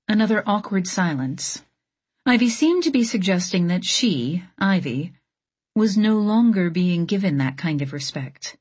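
A woman narrates an audiobook with a husky, slightly breathy voice set low. Her reading is steady and measured, with an even, unhurried flow. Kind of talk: scripted narration.

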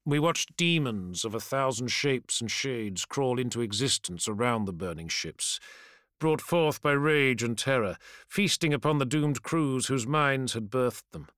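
A man narrating a first-person fantasy audiobook in a measured, grave storytelling voice. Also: mid-range voice, expressive, a bit bright, dry recording, clean studio sound.

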